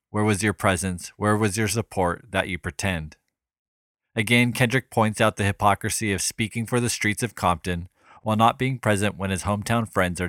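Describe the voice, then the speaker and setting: A man hosting a podcast, reading a scripted music analysis in a measured, even way. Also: fairly low pitch, dry recording, studio quality. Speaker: podcast host.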